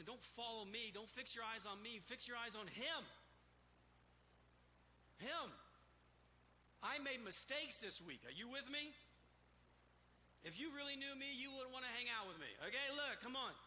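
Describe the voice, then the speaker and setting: Male pastor, fired-up emphatic sermon delivery, very bright tone, long church reverb. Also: extremely high pitch, normal speed, long pauses. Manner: impassioned, emphatic, repeats key words. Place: church sanctuary stage. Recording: reverberant hall, faint room noise.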